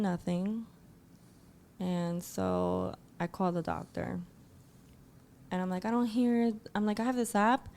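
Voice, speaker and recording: Gravelly-voiced woman telling a personal story. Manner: animated, acts out quotes in a higher voice. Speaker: guest.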